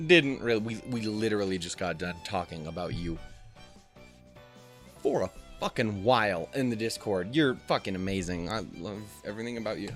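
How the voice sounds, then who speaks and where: A man's voice: fairly low pitch, animated, moderate pace, soft background music. A man hosting a let's play, rambling, joking and swearing casually as he comments on the game.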